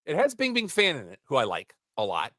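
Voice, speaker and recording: A man co-hosting a casual podcast, rambling through animated movie recaps with side comments. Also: on the high side, brisk, dry recording, clean studio sound. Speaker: podcast co-host.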